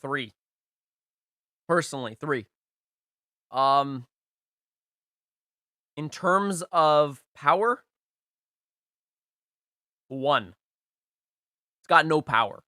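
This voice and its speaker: A man's voice: a little high, lively intonation, drawn-out words, pauses often, sharp tone, no room sound, studio quality. A young man hosting a live stream, rating viewers' game teams in casual, emphatic and playful commentary, repeating phrases for stress.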